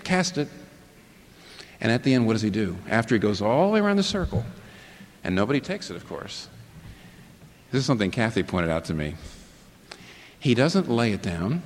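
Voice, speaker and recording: A pastor preaching a sermon, asking rhetorical questions and building up emphasis. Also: male voice, on the low side, long reverb tail.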